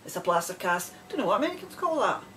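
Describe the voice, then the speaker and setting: A woman's voice: medium pitch, big pitch swings, fast, bright, forceful tone, a little hiss or hum. A woman from the west of Scotland with a Scottish accent, hosting a knitting podcast in a chatty, rambling way and laughing often. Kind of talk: casual chat.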